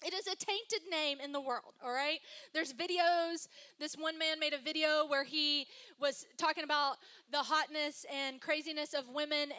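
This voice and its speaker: High, bright-voiced chatty woman pastor. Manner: chatty, personal storytelling with laughs and asides. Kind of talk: sermon. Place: church stage before a congregation.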